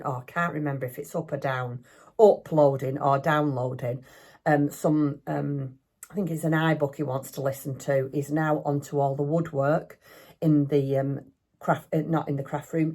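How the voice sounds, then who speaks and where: A woman's voice: deep voice, dark tone. An older woman, chatting casually and rambling a little as she films a craft vlog in her home craft room. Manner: chatty, rambling, self-deprecating. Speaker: craft vlogger. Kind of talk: casual chat.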